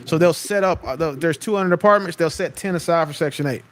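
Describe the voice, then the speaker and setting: Fast-talking assertive man. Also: a little high, fairly bright tone. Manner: assertive, lecturing. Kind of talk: casual chat.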